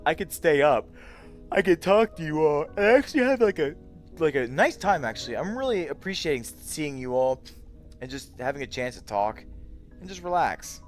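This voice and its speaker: A young man worn out and yawning, chatting loosely with his viewers late into the night. His voice sits a little high and jumps around a lot as he rambles. Soft music plays faintly underneath. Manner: sleepy, rambling, giggly, greets chat by name. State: very tired, yawning. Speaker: VR streamer. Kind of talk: late-night casual livestream chat.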